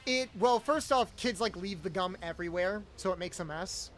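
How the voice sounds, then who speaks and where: Soft music plays in the background as a young male streamer talks at a moderate pace in a high, slightly bright voice. Chatting loosely during a game, he tells meandering stories and voices the characters he quotes.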